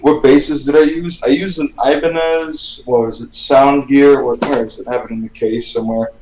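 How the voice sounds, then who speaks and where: A man, a band's bassist and composer, chatting relaxed and enthusiastic in a casual Q&A. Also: moderate pace, a little hiss or hum. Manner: relaxed, enthusiastic, loose swearing. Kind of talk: casual Q&A chat. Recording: roomy echo.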